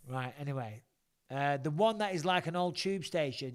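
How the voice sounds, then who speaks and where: A middle-aged English man with a somewhat high voice hosts a casual live chat. He rambles through long anecdotes and swears freely. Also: lively intonation, normal speed. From England. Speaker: podcast host.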